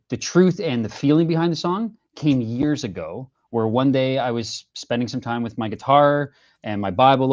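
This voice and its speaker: Earnest man telling his story over lo-fi audio. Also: mid-range voice. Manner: earnest, animated storytelling with many fillers. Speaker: singer-songwriter guest. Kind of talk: casual interview talk.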